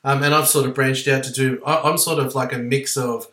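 A man's voice: mid-range voice, fairly even intonation, fairly quick, a bit bright. An Australian man hosting a podcast, telling a rambling story full of laughs, fillers and swearing. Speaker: podcast host. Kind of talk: casual storytelling. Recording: echoey room, distant from mic.

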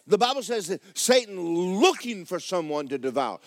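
Middle-aged male preacher, folksy, animated swoops, bursts into shouting. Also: sits high, normal speed. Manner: folksy storytelling, rising to shouts. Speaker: pastor. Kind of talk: sermon.

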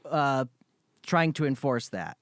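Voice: medium pitch, lively intonation, slow, no room sound. Podcast co-host, clean dry sound, trips over first words, agrees a lot. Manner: stammers on starts, eager agreeing. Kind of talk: casual chat.

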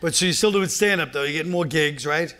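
A man's voice: on the high side, quick pace, sharp tone, clear, resonant tone. A man, a comedian interviewing a fellow comic on stage, teasing and blunt. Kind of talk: onstage conversation. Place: live audience event hall.

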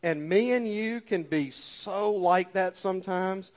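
High-voiced fervent male preacher. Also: slow pace. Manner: fervent, repetitive exhortations, folksy asides. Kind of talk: sermon.

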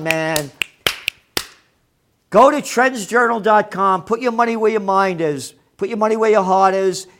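A man in a furious rant over the news, swearing and jeering at the people he quotes. His voice sits high and swings wildly, climbing into near-shouts and then dropping low and scornful. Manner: angry, profane, sarcastic, mocking quoted people. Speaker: commentator. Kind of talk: ranting news commentary.

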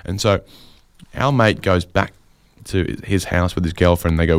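A man telling a long, wry anecdote in a casual, chatty way, with quick asides and fillers. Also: sits low, fairly even intonation, smooth, dry recording, studio quality. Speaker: storyteller.

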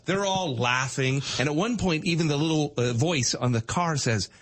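A middle-aged man telling a story in casual chat, animated and acting out voices. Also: fairly high pitch, moderate pace.

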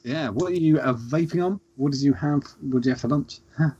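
A man's voice: a little high, brisk, husky, lo-fi sound. A man hosting a podcast, telling rambling stories with lots of restarts. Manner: animated storyteller, rambling restarts. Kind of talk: casual chat.

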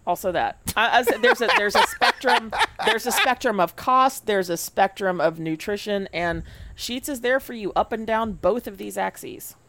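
A woman's voice: medium pitch, big pitch swings, normal speed, a bit bright. A woman co-hosting a podcast in casual chat, wry with profane asides. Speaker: podcast co-host.

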